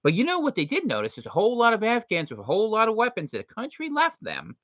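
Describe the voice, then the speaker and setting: A man hosting unscripted commentary, jokey and animated, with quick impressions thrown in. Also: high-pitched, no room sound. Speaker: host. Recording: dry, slightly muffled lo-fi recording.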